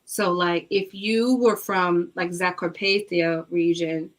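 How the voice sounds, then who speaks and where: A woman telling stories in a casual chat, animated and laughing, with many fillers. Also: lowish voice, slow. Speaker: book club guest.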